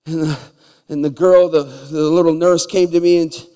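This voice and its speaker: A storytelling sermon comes from a male pastor in a church sanctuary, his tone clean and slightly high for a man, his pace normal. Animated, he alternates loud outbursts with quiet asides and repeats words, all followed by a long hall reverb.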